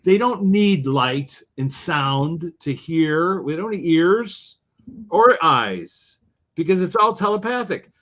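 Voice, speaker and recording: A man being interviewed as an author, telling stories in an animated way with wide swings in his voice. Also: a little high, slow pace. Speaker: author and guest. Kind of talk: interview conversation.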